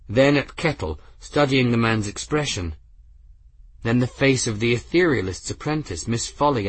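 Husky-voiced male audiobook narrator. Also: on the low side, fairly bright tone, dry recording. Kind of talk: scripted narration.

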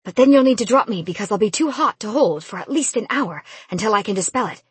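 Woman voicing a brisk talking magic dagger. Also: mid-range voice, expressive, husky, no echo. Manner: brisk, matter-of-fact. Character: sentient female magic dagger, brisk and matter-of-fact.

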